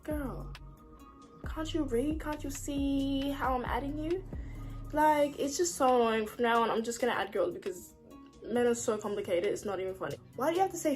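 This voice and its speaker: A young woman vlogging to camera, with a slightly high voice. She rants in an exasperated, casual way and fills her talk with "like". Faint music sits underneath. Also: darkish tone. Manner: exasperated, ranting, lots of "like". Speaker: beauty and lifestyle vlogger.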